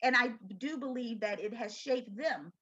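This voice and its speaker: A woman's voice: on the high side, normal speed, a bit bright, breathy edge, muffled recording. A middle-aged woman telling her story as an interview guest, earnest and conversational. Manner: earnest, storytelling, acts out quoted voices. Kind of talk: personal testimony interview.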